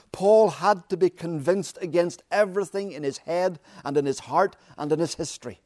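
A man preaching a sermon, with dramatic pauses and emphatic repetition. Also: fairly high pitch, mellow, no room sound.

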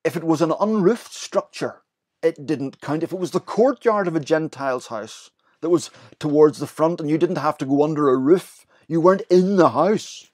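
A man delivers a sermon, unpacking a scripture passage with energy and giving voice to the quoted lines. His pitch runs slightly high and he speaks at an ordinary pace.

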